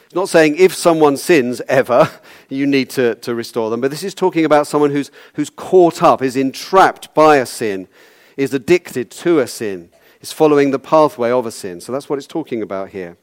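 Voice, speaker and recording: A man's voice: medium pitch, lively intonation, normal speed. A man preaching a sermon in a conversational, wry way, often repeating words as he goes.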